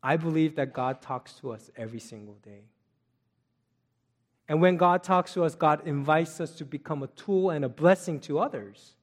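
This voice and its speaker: A man's voice: on the high side, moderate pace. A middle-aged man preaching a sermon, telling a family story and asking the listeners questions in an earnest, conversational way. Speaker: pastor.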